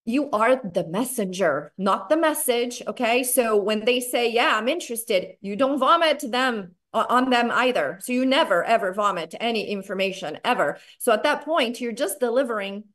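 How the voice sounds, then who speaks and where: A woman talks through sales tips on a video call, her voice sitting a little high. She chats quickly and keeps breaking into brighter acted-out dialogue. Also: animated. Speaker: network marketing trainer. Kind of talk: animated training talk on a video call.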